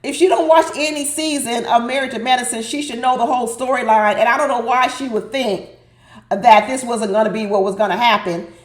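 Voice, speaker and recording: A woman's voice: fairly high pitch, a little fast. Sassy woman recapping TV, roomy. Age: middle-aged. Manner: sassy, animated, laughing, talks to the audience. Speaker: reality TV recap commentator. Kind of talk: casual recap commentary. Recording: roomy echo.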